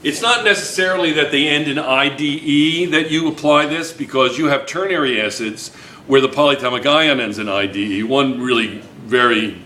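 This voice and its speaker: Male chemistry teacher, bright voice, drills the class with repeated questions; roomy classroom sound. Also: mid-range voice, normal speed, recorded from a distance, slight background noise. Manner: quizzing students, repeating questions. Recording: echoey classroom.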